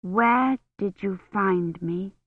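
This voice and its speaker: A woman's voice: fairly low pitch, fairly even intonation, unhurried, no echo, phone-quality sound. A woman reading an anxious young woman who asks pleading questions.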